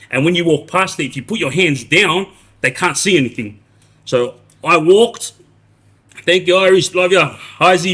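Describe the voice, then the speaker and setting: This is a husky-voiced man in his forties, chatting casually to viewers on a live stream. He tells his story in loose, rambling bursts, restarts his sentences and tacks "yeah?" onto them. His voice sits a little high for a man. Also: fairly bright tone. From Australia. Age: 40s. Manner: rambling, many restarts and tag questions like "yeah?". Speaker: livestreamer telling prison stories.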